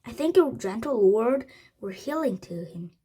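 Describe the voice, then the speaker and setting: A woman voicing a jovial, confident young male magician in a storybook, speaking reassuringly at a slow, halting pace. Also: on the high side, animated, warm tone, husky.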